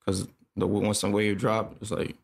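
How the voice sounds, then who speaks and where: Laid-back young producer, gravelly low voice. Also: male voice, flat delivery. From upstate New York. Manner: laid-back, halting, lots of fillers. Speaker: music producer guest. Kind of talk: casual interview chat.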